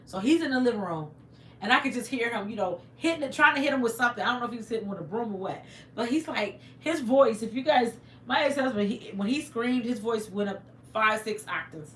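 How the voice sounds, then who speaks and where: A woman on a live stream, spinning a dramatic story with lots of swings in pitch and a bright voice. She acts out screams and sound effects and stops to answer her chat. The room around her sounds echoey. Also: fairly quick, a little hiss or hum. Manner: animated, dramatic, reads viewer comments aloud. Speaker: livestream host.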